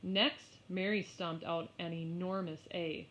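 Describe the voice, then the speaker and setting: A woman narrating a children's story aloud in an expressive, unhurried way. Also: fairly low pitch, a little hiss or hum. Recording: slightly muffled lo-fi.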